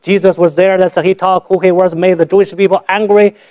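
A man from China, giving a church testimony in halting, simple English, often repeating and restarting words. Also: sits high, level tone, darkish tone, muffled recording. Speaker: guest speaker giving testimony.

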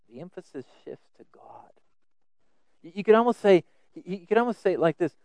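Male preacher, slightly high voice, smooth tone, earnest sermon delivery with repeated words. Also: expressive, brisk, dry recording, low-quality recording. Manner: swings between loud emphasis and soft asides.

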